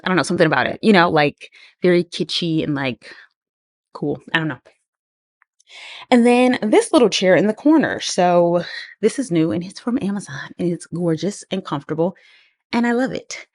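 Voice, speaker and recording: A woman's voice: on the low side, animated, normal speed, no room sound. A woman giving a casual, rambling home tour walkthrough with lots of ums and likes, slightly out of breath as she walks around a living room. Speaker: home decor vlogger.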